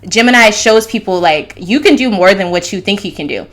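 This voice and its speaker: A woman's voice: mid-range voice, expressive, fairly quick. A woman hosting her own astrology channel, talking casually and loosely, jumping between thoughts. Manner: loose, rambling, fillers and restarts. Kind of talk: casual monologue.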